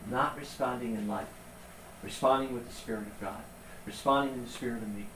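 A man preaching a sermon in a conversational, animated storytelling way. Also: medium pitch, brisk, background noise. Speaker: pastor. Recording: roomy sound from a distance.

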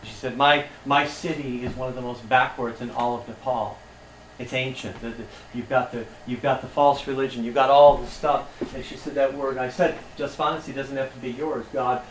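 A man's voice: mid-range voice, moderate pace, slight background noise. Impassioned preacher man in an echoey hall. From United States. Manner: impassioned, rising to emphatic peaks. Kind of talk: sermon. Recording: echoey room from far off.

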